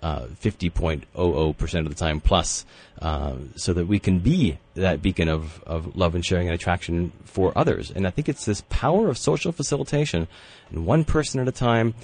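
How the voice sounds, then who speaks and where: A man's voice: low voice, expressive, brisk, few pauses, a little mellow. A man hosting a spiritual talk radio show, earnest and rambling, with many fillers. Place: radio studio.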